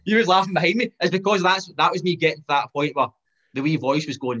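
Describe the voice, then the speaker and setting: Fast-talking man, lo-fi sound. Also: fairly high pitch. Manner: fast, animated, repeats himself with restarts. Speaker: podcast guest, fitness trainer. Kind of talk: casual chat.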